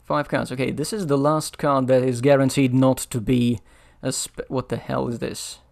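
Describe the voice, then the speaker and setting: A man's voice: mid-range voice, level tone, moderate pace, vocal fry, darkish tone. A man playing a strategy board game on his own, thinking aloud and muttering over the rules as he decides his moves. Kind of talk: solo board game playthrough commentary.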